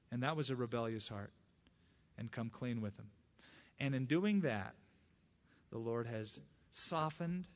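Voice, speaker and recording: Male preacher, mid-pitched, expressive delivery that dramatizes quotes and testimony in the pulpit. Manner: personal testimony. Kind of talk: sermon.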